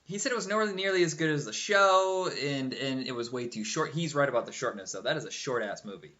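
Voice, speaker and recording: A man's voice: mid-range voice, fast, highs cut off. A man in his forties hosting a casual podcast chat, telling stories and acting out the lines of people in them. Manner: animated storyteller, acts out quotes. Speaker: podcast host.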